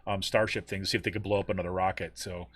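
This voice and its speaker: A man's voice: low voice, flat delivery, racing, fairly bright tone. Rambling American man on a podcast. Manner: rambling, many ums and restarts. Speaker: podcast co-host. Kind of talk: casual news chat.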